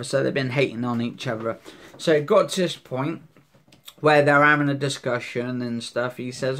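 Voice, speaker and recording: A man's voice: mid-range voice, normal speed, a bit bright. A man rambling through a casual recap of a soap episode, repeating himself and swearing now and then.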